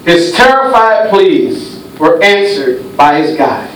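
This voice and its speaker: A man preaching a sermon in a church, telling a dramatic story and swinging between hushed tones and shouts. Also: on the high side, big pitch swings, slow pace. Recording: echoey church hall from far off, faint hiss.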